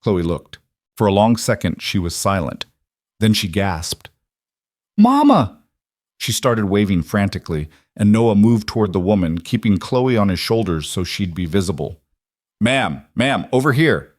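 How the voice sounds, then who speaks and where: A man narrating a dramatic story in a steady, scripted manner. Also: sits low, normal speed, no room sound, studio quality.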